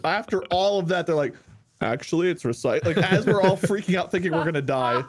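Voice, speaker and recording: A man's voice: sits high, a little fast. A man co-hosting a streamed podcast, telling an anecdote in casual chat and acting out the quotes with laughter. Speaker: podcast co-host.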